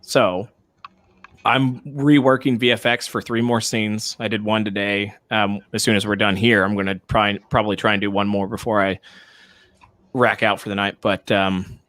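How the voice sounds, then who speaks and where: A man's voice: on the low side, level tone, moderate pace, a bit bright, no room sound. A man co-hosting a podcast in casual chat, laid-back and rambling. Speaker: podcast co-host.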